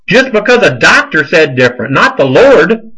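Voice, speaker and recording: A man rants and scolds like a preacher on his own show. His voice sits high and leaps wildly up and down, with a bright, forceful edge that stays heated throughout. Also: big pitch swings, moderate pace, breathy edge, low-quality recording. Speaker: show host. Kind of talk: fiery religious commentary monologue.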